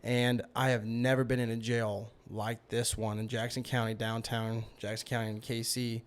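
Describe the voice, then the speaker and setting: A man's voice: mid-range voice, level tone, moderate pace. Man, podcast guest, casual storytelling, rambling, fillers. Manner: rambling, heavy use of fillers like "you know".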